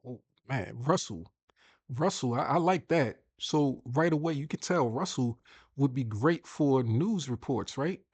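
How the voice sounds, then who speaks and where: A man's voice: mid-range voice, lively intonation, a little slow, no room sound. A man hosting a casual screen-share tutorial, chatty and thinking aloud as he repeats himself. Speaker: host.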